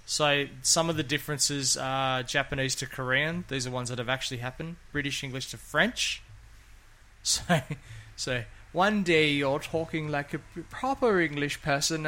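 A man's voice: a little high, normal speed, bright, forceful tone. A man, co-hosting a casual podcast chat in a jokey, rambling way. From Australia. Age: 50s. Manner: jokey, rambling, laughs often. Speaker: podcast co-host.

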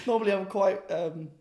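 A man's voice: high-pitched, darkish tone, roomy sound. A man co-hosting a casual podcast, teasing his friend and laughing easily. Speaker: podcast co-host. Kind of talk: casual chat.

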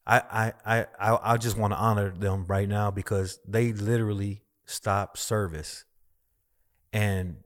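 A man's voice: lowish voice, fairly even intonation, a little slow. A man, a minister, telling his personal testimony as a guest in a conversation, emphatic and repetitive as he tells the story.

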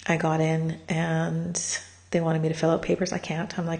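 A woman's voice: low voice, monotone, normal speed, vocal fry, darkish tone. A middle-aged woman telling a personal story in a raw confessional monologue, candid and swearing freely, worn out from crying, at times dropping to a whisper. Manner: candid, swears freely, laughs through pain. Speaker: vlogger sharing a personal story.

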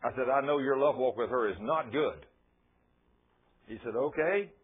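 A man's voice: medium pitch, normal speed, breathy edge. A man preaching a sermon, telling stories and acting out both sides of conversations with people he prayed for. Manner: storytelling, acting out dialogues. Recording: tinny phone-like radio broadcast.

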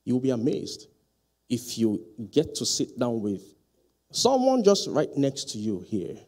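A male pastor preaching a sermon in a church, asking the congregation questions and rising to loud, emphatic peaks. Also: mid-range voice, huge pitch swings, measured pace. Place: church hall.

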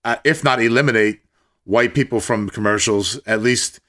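A man's voice: mid-range voice, normal speed, bright, forceful tone. A man hosting a conversation, mostly giving brief agreement.

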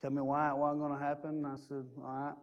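Middle-aged guy preaching, high voice, earnest, tells personal stories, repeats stuff for emphasis. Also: completely flat delivery, brisk, muffled recording. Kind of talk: sermon.

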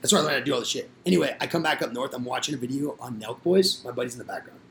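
Fast-talking young man with a gravelly voice. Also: medium pitch, a bit bright, slight background noise. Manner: rowdy, profane storytelling with acted-out quotes. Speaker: podcast guest storyteller. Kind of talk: casual chat.

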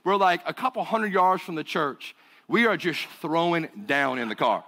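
A man from North Carolina with a Southern accent, preaching as a guest pastor in an energetic, joking storytelling manner. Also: a little high, moderate pace. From Burlington, North Carolina. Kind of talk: sermon.

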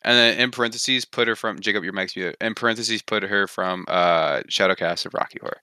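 A man's voice: lowish voice, fairly quick, pushed and bright, clear, resonant tone, no room sound. A man co-hosting a podcast, talking in a casual, jokey, blunt way among friends and laughing often. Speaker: podcast co-host. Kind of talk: casual group chat.

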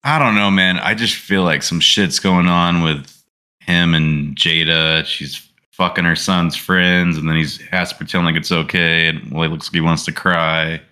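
A man's voice: low voice, fairly even intonation, moderate pace, bright, forceful tone, clean tone. A man co-hosting a podcast, chatting loosely with profane jokes. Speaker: podcast co-host. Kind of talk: casual chat.

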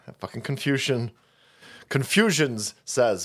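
A man's voice: animated, unhurried, a bit bright. A man hosting a political stream, ranting crudely and mocking people as he goes. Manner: crude, mocking, jumps into high mock voices.

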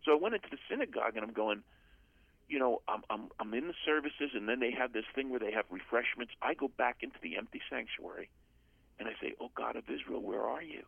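A man's voice: mid-range voice, animated, fast talker, gravelly, slightly rough, dry recording. An older man from the USA, a guest author telling his personal testimony in an earnest, storytelling way. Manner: earnest storyteller, acts out quoted voices. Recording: phone-line audio.

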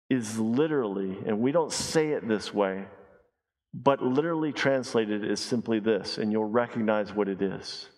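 A man preaching a sermon as pastor, emphatic, repeating key phrases and dropping his voice low and slow to stress a point. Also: a little mellow. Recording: long reverb of a large hall.

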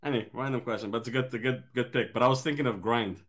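Bright-voiced man chatting loosely. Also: medium pitch, rapid-fire. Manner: laid-back, trailing restarts. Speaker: podcast guest. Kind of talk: casual chat.

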